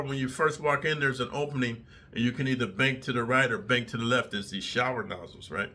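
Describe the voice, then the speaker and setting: A middle-aged man tells a prison story straight to his audience, talking blunt and streetwise with plenty of cursing. His voice is mid in pitch but strikingly bright and tense. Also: fairly quick. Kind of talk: casual storytelling to camera.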